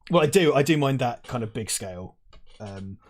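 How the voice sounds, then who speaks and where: A man's voice: mid-range voice, animated, normal speed. A man chatting casually over a film on a lavalier mic, rambling, swearing and laughing often. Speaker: film commentary host. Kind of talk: casual watch-along chat.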